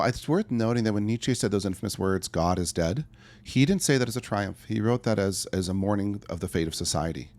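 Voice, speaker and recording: Middle-aged guy, lowish voice, earnest and animated, podcast guest chat. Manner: earnest, animated storytelling with acted-out asides. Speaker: podcast guest, life coach. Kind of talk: conversational interview answer.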